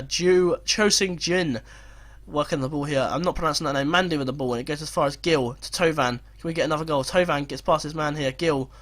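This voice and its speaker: Young man, fast lively commentary, slightly high voice, swearing and self-mocking. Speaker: gaming video creator. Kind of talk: casual commentary over a football management game.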